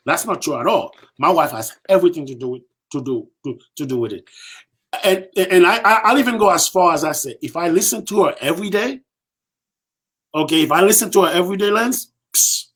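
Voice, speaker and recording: A man on a podcast tells a story with real animation, repeating phrases for emphasis and slipping into the voices of the people he quotes. His voice sits a bit high for a man. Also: fairly bright tone, slightly rough. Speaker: podcast guest.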